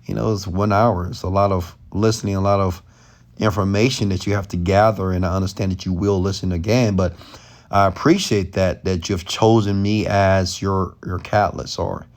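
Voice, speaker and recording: A man's voice: deep voice, little pitch movement, moderate pace, darkish tone. A man hosting a late-night live question-and-answer stream from his bed, talking loosely and passionately and often raising his voice. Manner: loose, rambling, off the cuff. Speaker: entrepreneur and mentor, stream host. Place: lying in bed at home at night.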